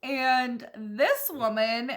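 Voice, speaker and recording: A woman's voice: on the high side, very slow, fairly bright tone. A young woman vlogger telling a personal story in a chatty, candid way, full of fillers and "like". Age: young adult. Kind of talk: casual storytime.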